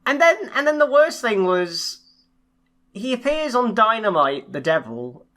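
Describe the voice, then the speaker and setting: A woman's voice: fairly high pitch, big pitch swings, unhurried, fairly bright tone. A young woman co-hosting a casual podcast chat, ranting in exasperation and swearing often. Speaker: podcast co-host.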